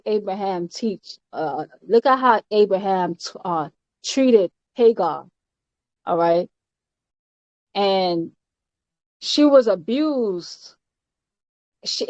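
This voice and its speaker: A woman's voice: mid-range voice, darkish tone, dry recording. Emphatic woman teaching, dull dry recording. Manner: emphatic, often ends points with "all right?"; halting, with frequent fillers and repeated words. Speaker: spiritual teacher. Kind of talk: informal doctrinal teaching.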